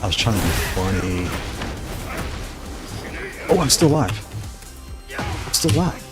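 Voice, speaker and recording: Streamer, male, lively low voice, game music behind. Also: measured pace. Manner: excitable, talks to opponent, laughs often. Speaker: gaming streamer. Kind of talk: live gameplay commentary.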